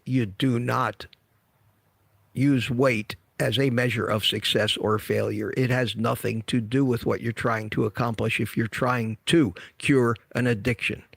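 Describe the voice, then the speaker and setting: A man's voice: medium pitch, vocal fry, a bit bright, no room sound. A man in his seventies who hosts a health channel, giving direct, emphatic, somewhat repetitive advice in casual livestream talk. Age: 70s.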